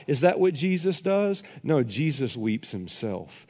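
A man's voice: a little high, sing-song, measured pace, hardly any pauses, a little mellow. Earnest preaching man, long hall reverb. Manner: earnest, emphatic preaching that addresses the congregation directly. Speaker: pastor. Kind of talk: sermon.

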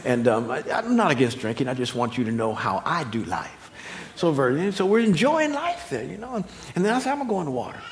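A middle-aged man preaching a sermon, animated and humorous, swinging from loud high exclamations to quiet, low emphasis. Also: fast talker. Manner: humorous, laughing at own stories. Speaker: pastor.

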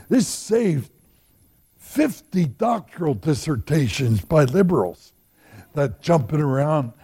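A man's voice: on the high side, mellow. A man teaching a Bible study, telling the story with humor and acting out the voices of the people in it. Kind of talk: folksy Bible study lecture.

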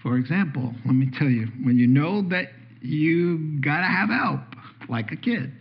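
A man's voice: fairly high pitch, animated, unhurried, husky. An older man preaching a sermon, telling stories animatedly and acting out voices. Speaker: pastor. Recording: dull lo-fi sound.

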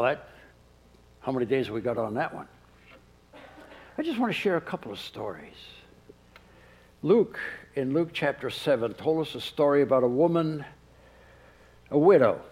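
A man preaching a sermon, who drops to a soft hush when he quotes. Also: mid-range voice, breathy edge, poor audio. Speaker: pastor.

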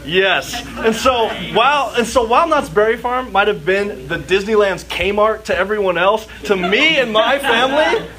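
His pitch sits high and his delivery is pushed and bright, moving at a moderate pace with lively intonation and few pauses. This youth speaker from Southern California shares a personal story in a church sermon, chatty and full of "like," acting out moments from his childhood. Listeners can be heard in the hall.

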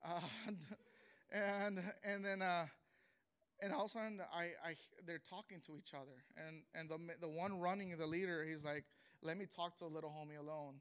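A young man tells his testimony in a high, bright voice with a clear, resonant tone. He speaks earnestly and with feeling, often stopping and starting again mid-sentence. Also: steady tone. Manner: earnest and emotional, halting with many restarts. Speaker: speaker sharing a personal testimony. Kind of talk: emotional spoken testimony.

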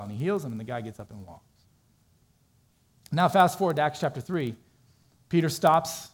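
A man preaching a sermon as pastor, animated and acting out quoted voices, moving between loud stretches and hushed ones. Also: on the high side.

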